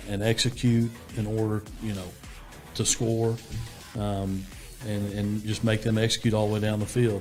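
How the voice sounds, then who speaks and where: A man, a head football coach answering interview questions in a steady, plainspoken way, full of fillers and restarts. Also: lowish voice.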